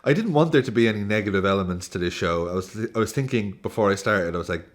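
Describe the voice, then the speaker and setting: Lively swearing man ranting about football. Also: on the low side, fast. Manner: animated, swearing, laughing often. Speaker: football YouTuber. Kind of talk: casual football commentary.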